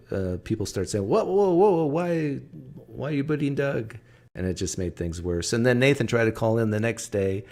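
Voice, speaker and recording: A male podcast host with a low-pitched, slightly mellow voice talks casually. His commentary is mocking, full of sarcastic, wisecracking remarks.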